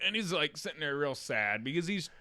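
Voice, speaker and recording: Casting: young man, podcast co-host, high lively storyteller voice, bright and animated. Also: brisk. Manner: animated, laughing storyteller acting out a kid's screams. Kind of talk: casual storytelling chat.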